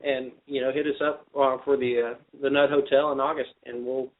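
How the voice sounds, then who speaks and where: A man who organizes paranormal events, chatting in a relaxed, halting way with fillers. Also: mid-range voice, slight background noise. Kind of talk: casual chat. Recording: tinny phone-line sound.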